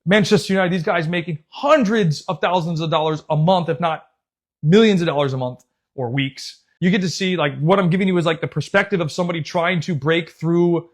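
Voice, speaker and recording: A young man tells a story in a loose, slangy way, swearing freely and calling the listener bro. His voice sits a little high for a man. He talks like a coach venting to a friend. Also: brisk. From United States. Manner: animated, swears a lot, says "bro" and "dude". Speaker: youth soccer coach and channel host. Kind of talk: casual storytelling.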